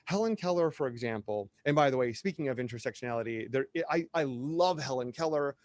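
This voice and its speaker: A man's voice: medium pitch, a little fast, no echo. Tangent-prone chatty middle-aged man. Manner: rambling, animated, wanders off on tangents. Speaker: podcast guest, drag performer. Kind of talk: casual podcast conversation.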